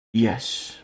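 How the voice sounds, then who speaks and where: Male artist, giggly solo chatter, unhurried, very lively pitch. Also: husky. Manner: giggly, playful self-talk. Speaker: online artist. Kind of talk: casual talk while drawing.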